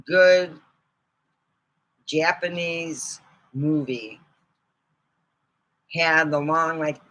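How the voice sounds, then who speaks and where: A woman vlogger chats casually and rambles from thought to thought, laughing along. Her voice is bright and sharp. She talks at an unhurried pace. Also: fairly low pitch, rough recording. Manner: rambling, chatty, laughs often. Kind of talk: casual chat.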